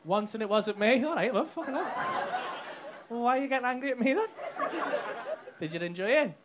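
A man's voice: very high voice, expressive, brisk. A man doing cheeky, sweary crowd work on stage at a comedy club. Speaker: stand-up comedian. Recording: live club recording with crowd noise. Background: loud audience laughter.

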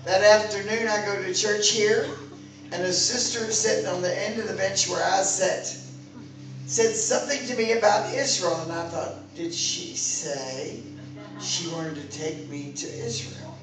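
A woman preaches with fervent, exhorting energy, her voice climbing to loud calls. The sound is heavily echoey and picked up from a distance, with music playing clearly behind her. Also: mid-range voice, a little slow. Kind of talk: sermon. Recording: very echoey room, mic far off, music behind.

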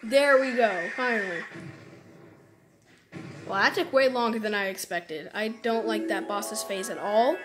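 A woman giving casual commentary over a video game, chatty and quick to exclaim and groan in frustration. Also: mid-range voice, fairly bright tone, low-quality recording. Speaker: let's play gamer. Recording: game music playing behind.

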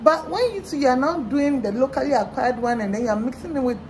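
Brief: young woman, lively vlog chat, faint noise behind. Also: high-pitched, a little fast. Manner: animated, exclaiming, mock-exasperated. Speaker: vlogger. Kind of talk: casual chat.

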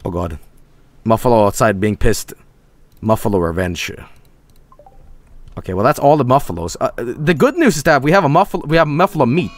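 A young man streaming a game, swearing and sarcastic, swinging between yelling and low mumbles. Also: lively intonation, a little fast, pauses often.

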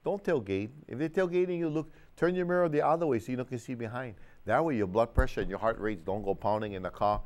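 Animated male TV preacher. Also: medium pitch, quick pace, hardly any pauses. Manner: animated storytelling, acting out crowd shouts; keeps addressing the listener as my friend. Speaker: minister. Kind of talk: TV sermon. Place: TV studio.

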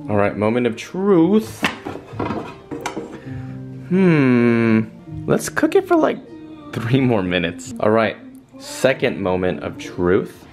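A man's voice: mid-range voice, expressive, takes it slowly, pauses often. A young man, talking casually and slangily as a vlogger while he shops and cooks. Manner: laid-back slangy talk. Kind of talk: casual vlog chat. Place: home kitchen and grocery store. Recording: lo-fi music playing under voice.

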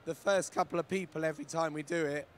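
A hoarse man presenting a talk to a live conference audience. His voice sits a little high, and he speaks in a friendly, relaxed way with plenty of ums. Faint noise lingers under his speech. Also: fast. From United Kingdom.

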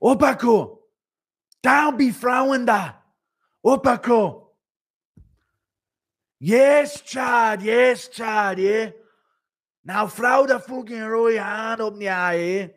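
A man putting on a loud father yelling instructions at his sons from cageside, bossy and forceful. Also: very high voice, slow, pauses often, voice pushed up, heavily acted.

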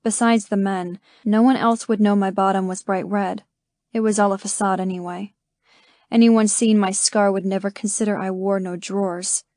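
A woman narrating a first-person romance audiobook in a soft, emotional storytelling voice. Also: mid-range voice, fairly even intonation, normal speed, no room sound, clean studio sound.

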